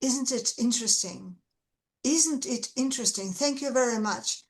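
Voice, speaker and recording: A woman's voice: high voice, moderate pace, rough recording. A Russian-accented woman, an English teacher, explaining things earnestly and stressing her key words in casual conversation.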